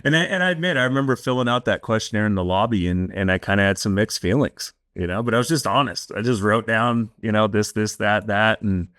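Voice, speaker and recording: A man with a fairly low voice tells personal stories as a guest in a casual interview. He speaks candidly, and his voice rises and livens when he quotes other people. The recording is close and dry. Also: quick pace, few pauses, no echo. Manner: candid storyteller, lively when quoting others.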